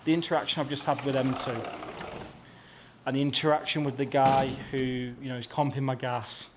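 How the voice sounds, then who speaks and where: Young British travel vlogger, British English accent, gushing and chatty to camera, mid-range voice, light ambient noise. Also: male voice, medium pitch, little pitch movement, moderate pace. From Britain. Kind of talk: casual vlog to camera. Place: rented apartment and balcony, partly outdoors.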